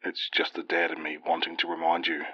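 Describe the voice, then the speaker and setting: A man voicing a caring middle-aged father who speaks softly and hesitantly over the phone. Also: deep voice, monotone, a little fast, dull audio, natural voice. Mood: gentle. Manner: soft-spoken, hushed and hesitant.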